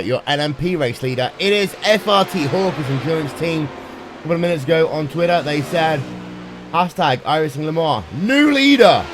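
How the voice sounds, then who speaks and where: A man calling a sim race live, brisk and playful, with dry jokes. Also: a little high, noisy background. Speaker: sim racing commentator. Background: music playing underneath.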